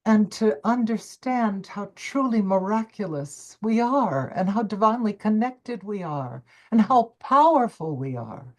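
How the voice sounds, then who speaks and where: An older woman, a coach and former stage performer, telling her life story in an interview with emphatic, expressive delivery and quoted self-talk. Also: mid-range voice, a little slow, hardly any pauses. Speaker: summit guest speaker, coach.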